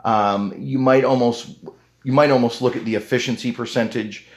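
A man's voice: mid-range voice, fairly even intonation, normal speed. A man hosting a solo podcast in a casual, rambling way, with lots of fillers and restarts. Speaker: podcast host.

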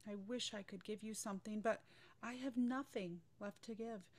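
A woman voicing a gentle, selfless female apple tree in a storybook, speaking tenderly and softly. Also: mid-range voice, moderate pace, natural voice. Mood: sorrowful.

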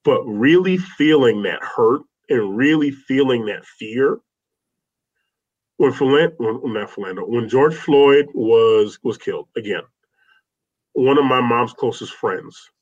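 Slow but animated, this man speaks at medium pitch while recounting personal stories as an interview guest. He's heartfelt and rambling, restarting many times and repeatedly saying "man," on a slightly dull lo-fi recording.

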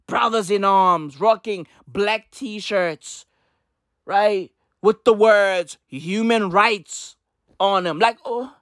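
A woman's voice: medium pitch, no echo, clean studio sound. Brash young woman ranting with swings. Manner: loud, emphatic, heavy slang and swearing, repeats lines. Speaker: comedic ranter. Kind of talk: profane comedic rant to camera.

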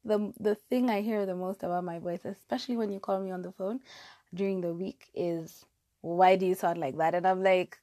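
A woman's voice: mid-range voice, steady tone, fairly quick, warm tone, no room sound. A young woman hosting a casual solo podcast from her bedroom, chatty and self-deprecating, with lots of fillers and restarts, on a lapel mic. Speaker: podcast host. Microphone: lapel mic clipped to her hair.

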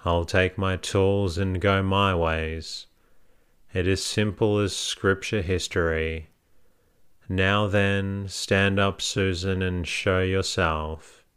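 Man voicing a gruff drunken hay-trusser. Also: deep voice, fairly even intonation, takes it slowly, fairly bright tone. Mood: scornful. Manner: blunt, scornful, stubborn. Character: gruff drunken male hay-trusser selling his wife.

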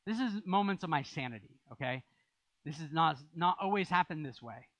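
Pastor preaching conversationally. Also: male voice, on the high side, lively intonation, normal speed, fairly bright tone, no echo, rough recording. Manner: conversational preaching with rising emphasis. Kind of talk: sermon.

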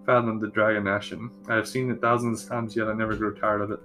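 A man's voice: fairly low pitch, flat delivery, fast, bright, forceful tone, soft background music. A man voicing an earnest young male prince who speaks in formal phrasing.

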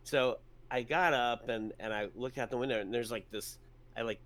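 A man's voice: medium pitch, steady tone, moderate pace, fairly bright tone, a little hiss or hum. A man telling a story in casual chat, rambling with many fillers and restarts and casual swearing.

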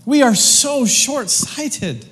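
A man preaching in a loose, joking, slangy way, stumbling through restarts. His voice sits high for a man, and it rings with the long reverb of a big hall. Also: lively intonation, very slow, fairly bright tone. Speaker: pastor. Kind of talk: sermon.

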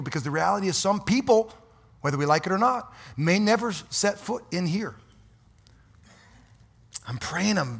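A man preaching a fiery, folksy sermon as pastor in a church, swinging from quiet asides to loud exhortation. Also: a little high, normal speed, vocal fry, husky. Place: church sanctuary.

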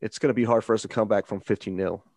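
A lower-pitched man with a gravelly, fry-heavy voice, hosting a casual gaming podcast. He rambles, repeats words and pushes hard on his emphasis. The sound is dry and close. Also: fairly even intonation, very fast, a little mellow, dry recording. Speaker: podcast host.

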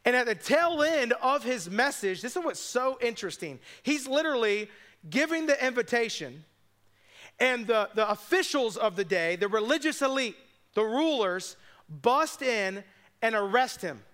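A man preaching a sermon as pastor, telling the story with quick asides and voiced quotes. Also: extremely high pitch, expressive, a bit bright.

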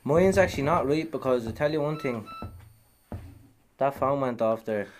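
Man telling loud workplace stories. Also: medium pitch, moderate pace. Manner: loud laughing storyteller, puts on voices of workmates. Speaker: podcast co-host. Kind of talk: casual banter.

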